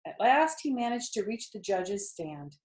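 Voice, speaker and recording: An older woman reading a children's book aloud, gently explaining words and asking questions. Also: mid-range voice, big pitch swings, measured pace. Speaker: storytime host, children's book reader. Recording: roomy echo.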